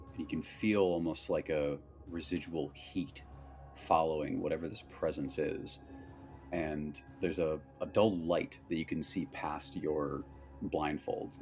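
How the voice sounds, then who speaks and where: Very deep-voiced game master. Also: male voice, gravelly. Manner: relaxed, loose narration with many fillers. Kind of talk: narrating a tabletop game.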